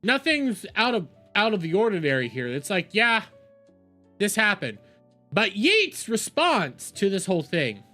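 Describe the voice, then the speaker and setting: A woman's voice: mid-range voice, big pitch swings, measured pace, a bit bright, faint music behind. Exasperated woman ranting on stream. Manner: exasperated ranting with repeated words. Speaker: streamer reacting to posts. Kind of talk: livestream reaction commentary.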